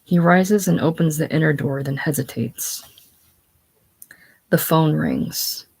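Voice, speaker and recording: A reader reading a play's stage directions aloud in a plain, unhurried way during a casual reading. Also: mid-range voice, gravelly, a little mellow, breathy edge. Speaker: play reader.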